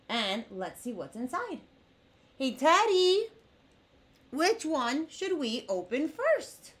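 A young woman teaching toddlers through toy play, talking slowly in an exaggerated sing-song way. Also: high voice. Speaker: children's educator.

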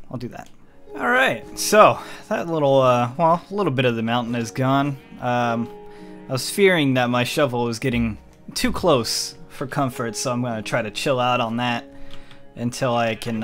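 A let's play host chats casually while gaming, rambling and correcting himself as he goes. His voice is medium in pitch with a fairly bright tone.

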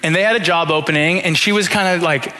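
A young man preaching to his church with a high voice and a bright, forceful tone. He tells self-deprecating stories with humor and acts out his own thoughts in quoted asides. The delivery is a lively sermon from a high school pastor. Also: fast.

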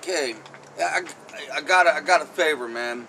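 Rambling man with a bright voice. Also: fairly high pitch, normal speed, a little hiss or hum, low-quality recording. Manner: rambling, pretends to take phone calls. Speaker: comedy vlog host. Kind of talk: improvised comic skit.

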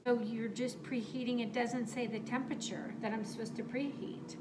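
A woman's voice: fairly high pitch, steady tone, moderate pace, roomy sound. A woman filming a casual cooking vlog in her home kitchen, chatting and thinking aloud as she reads out the instructions. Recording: loud background noise.

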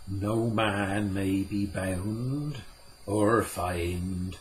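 A man voicing an ancient male earth spirit who speaks slowly and gravely in a storybook reading. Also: on the low side, slight background noise. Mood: solemn. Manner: slow, grave, measured.

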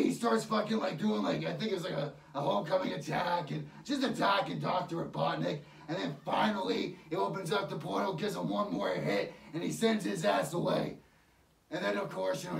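A man's voice: high voice, gravelly. A man ranting about a film in a heated, mocking way, swearing constantly. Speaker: online ranter. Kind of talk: profane rant. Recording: echoey room, far from mic.

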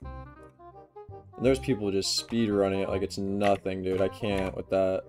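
A young man giving excitable, self-mocking commentary while playing a game, with yelps when he fails. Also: sits low, measured pace. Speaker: gaming YouTuber. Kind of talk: casual gameplay commentary. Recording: faint music behind.

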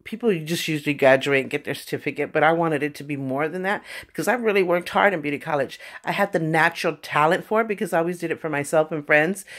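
A woman with a slightly low voice tells personal stories to her viewers in a relaxed, chatty way. She keeps dropping in little filler phrases as she talks. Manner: conversational, many "you know" fillers. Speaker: vlogger. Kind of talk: casual personal storytelling.

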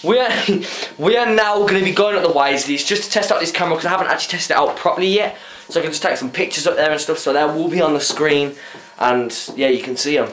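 Young Birmingham lad vlogging at home. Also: male voice, on the high side, quick pace, hardly any pauses, a bit bright, slight background noise. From Birmingham, England. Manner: chatty, jokey, bickering. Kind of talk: casual home vlog. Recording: roomy with music behind.

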